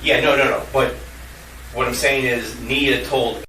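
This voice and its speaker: Detective guy asking questions real slow, bright tone, echoey room far from mic. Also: medium pitch, steady tone. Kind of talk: police interview questioning. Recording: echoey room, distant mic, faint noise.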